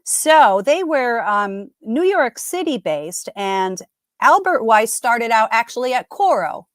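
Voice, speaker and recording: A woman's voice: mid-range voice, no echo, clean studio sound. A middle-aged woman hosting a live trivia game, chatting casually and upbeat, often breaking off mid-sentence. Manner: chatty, upbeat, self-interrupting. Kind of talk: casual live-stream chat.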